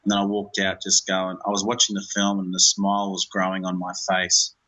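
A man's voice: low voice, monotone, brisk, bright, forceful tone, low-quality recording. A man, a film director, talking in an interview in a rambling way, with many fillers and restarts.

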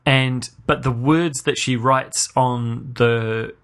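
A man's voice: fairly even intonation, slow pace, fairly bright tone. A man hosting a podcast and giving a casual spoken review. He rants with sarcasm, restarts his sentences often, and his voice jumps up sharply when he is incredulous. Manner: exasperated ranting, pitch leaping up when incredulous. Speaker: podcast host.

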